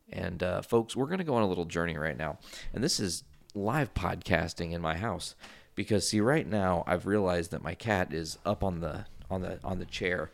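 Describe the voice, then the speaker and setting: A man's voice: low-pitched, gravelly. A man hosting a casual solo podcast from his home, rambling and swearing freely as he drifts off on tangents. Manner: rambling, profane, goes off on tangents. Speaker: podcast host.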